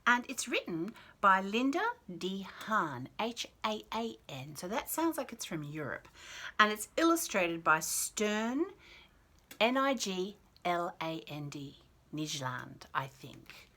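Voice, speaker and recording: Storyteller: woman reading a picture book aloud, bright, lively pitch, chatty and giggly. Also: unhurried, husky.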